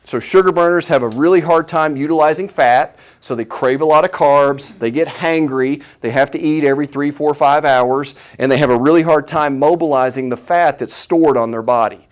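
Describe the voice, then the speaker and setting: A man giving a live health seminar, opinionated and animated, asking the audience questions as he goes. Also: a little high, normal speed, hardly any pauses. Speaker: chiropractor giving a health talk.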